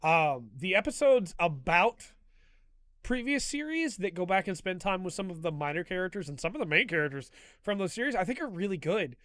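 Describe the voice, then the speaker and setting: A man's voice: high voice, lively intonation, fairly quick, fairly bright tone, dry recording. A man hosting a casual review show, retelling scenes with open enthusiasm and emotion. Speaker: host.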